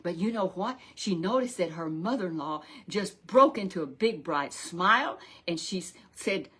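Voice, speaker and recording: A woman's voice: lowish voice, expressive, normal speed, a bit bright, slightly rough. A woman telling a Sunday Bible story to a puppet, rambling and repeating herself with many restarts.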